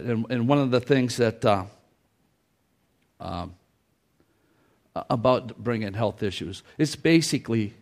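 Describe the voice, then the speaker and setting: A man preaching a sermon in a church, folksy in manner, who repeats his phrases and acts out the scripture quotes. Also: medium pitch. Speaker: pastor.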